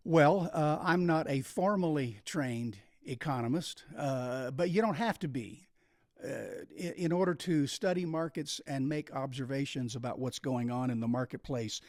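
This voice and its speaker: A man's voice: medium pitch, normal speed, darkish tone, no room sound, clean studio sound. A man hosting a videocast, explaining a topic on his own in an emphatic way. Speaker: videocast host. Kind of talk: solo explanatory talk.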